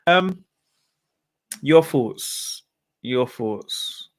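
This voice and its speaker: A man's voice: mid-range voice, expressive, drawn-out words, dry recording. Chatty man, dry close sound. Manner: chatty, laughs often, reads out viewer predictions. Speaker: football podcast host. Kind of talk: casual football chat.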